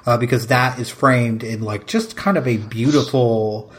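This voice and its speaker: A man's voice: medium pitch, unhurried. A man co-hosting a casual film podcast, talking emphatically and effusively with many fillers. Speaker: podcast co-host.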